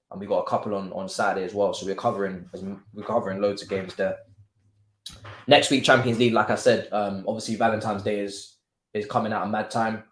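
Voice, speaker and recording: A man hosting a live football watchalong, chatting casually and joking in heavy slang. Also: lowish voice. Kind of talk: casual live-stream chat and match commentary. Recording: roomy echo.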